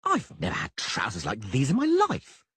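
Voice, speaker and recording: A man's voice: medium pitch, wildly swooping pitch, normal speed, a bit bright, husky, no echo, voice pushed up, heavily acted. A man voicing a vain, flamboyant young bard with a theatrical manner in an audiobook. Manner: theatrical, exclaiming. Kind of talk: audiobook character voice.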